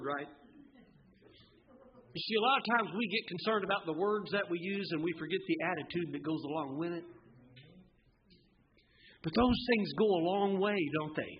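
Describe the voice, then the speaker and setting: A man preaching a sermon in a church, fervent and swinging from hushed tones to shouting, often asking the congregation rhetorical questions. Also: high-pitched, moderate pace, long pauses, dull audio, slight background noise. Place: church sanctuary.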